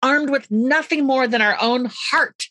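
A middle-aged woman from the United States talks with bright, ringing energy, full of quick asides. Her voice sits close and dry, with no room around it. She tells stories with warm enthusiasm in a relaxed interview. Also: high voice, dry recording. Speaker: author and podcast guest. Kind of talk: animated conversational interview.

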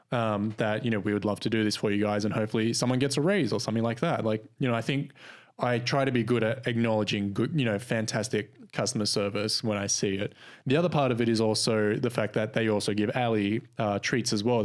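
A man with an Australian accent, co-hosting a podcast and casually recounting stories, acting out the people in them. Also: on the low side. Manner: relaxed storytelling, acts out quoted customers. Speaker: podcast co-host. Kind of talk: casual chat.

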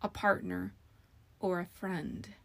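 A sly old magic mirror spirit, put on by a woman reading an audiobook, mocking and harsh, slipping into teasing sing-song and hushed whispers. The voice has a gravelly, fry-edged grain. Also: lowish voice, takes it slowly, exaggerated voice.

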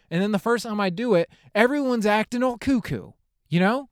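A young man, telling a comedic story on his podcast in a rambling, profane, animated way. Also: high-pitched, brisk, no room sound, studio quality. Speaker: podcast host.

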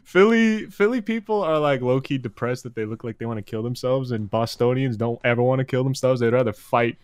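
A man's voice: mid-range voice, fairly quick, clear, resonant tone, no echo, clean studio sound. A man co-hosting a podcast in casual banter, joking and laughing often. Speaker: podcast co-host.

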